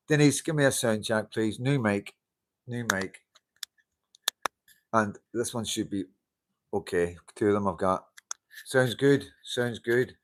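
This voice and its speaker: A man's voice: fairly low pitch, slow pace, pauses often. A man hosting a casual live-stream chat, greeting viewers, laughing often and swearing casually into a handheld mic. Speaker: livestream host. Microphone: handheld wireless mic.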